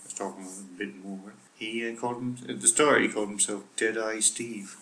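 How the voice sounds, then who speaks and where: A man co-hosting a relaxed podcast chat, his voice sitting a little low. He teases his partner and quizzes him with a wry, dry humour. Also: fairly quick, rough recording. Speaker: podcast co-host. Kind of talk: casual chat.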